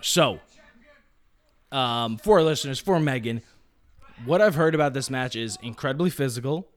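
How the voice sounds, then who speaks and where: A man co-hosting a casual podcast, chatting and breaking into excited play-by-play as he watches a match. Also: medium pitch, moderate pace. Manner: excited, jumps into play-by-play commentary. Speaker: podcast co-host. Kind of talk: casual live-reaction chat.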